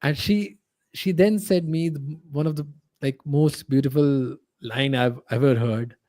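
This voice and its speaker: A man tells a heartfelt personal story as a podcast guest, pausing often on fillers and restarting his sentences. His voice sits at a middle pitch. The recording is dry and close to the mic. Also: dark tone, no echo. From India. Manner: halting, many fillers and restarts.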